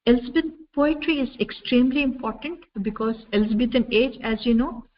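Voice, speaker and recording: A woman from India giving a measured university lecture over slides, explaining step by step with frequent "uh" fillers. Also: a little high. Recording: dull lo-fi recording with faint noise.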